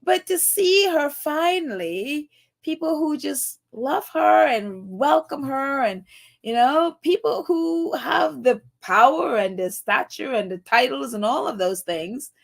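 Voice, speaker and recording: A woman's voice: high-pitched, lively intonation, takes it slowly, gravelly. A woman hosting a live stream, gushing and laughing as she nearly cries, reading viewer comments aloud. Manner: gushing, laughing and near tears, reads chat aloud. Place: New York.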